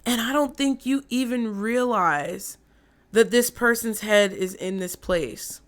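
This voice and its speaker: A woman's voice: a little high, takes it slowly. Blunt woman giving a tarot reading. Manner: blunt, frank, swears freely. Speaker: tarot reader.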